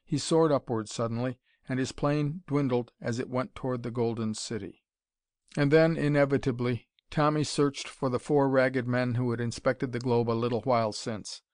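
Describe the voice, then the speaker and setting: This audiobook narrator reads a scripted adventure novel at a moderate pace, keeping his mid-range voice steady and even. The studio-quality recording has no room sound.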